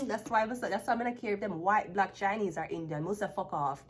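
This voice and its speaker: A woman's voice: mid-range voice, fast talker, few pauses, husky. A woman, a tarot reader ranting bluntly and profanely to the camera. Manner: profane, blunt, emphatic, laughs often. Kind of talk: unscripted rant to camera.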